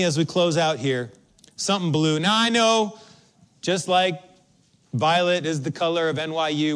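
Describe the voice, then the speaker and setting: A male pastor preaching a sermon, telling a story with animated, acted-out reactions. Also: high-pitched. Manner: animated, acts out his own reactions.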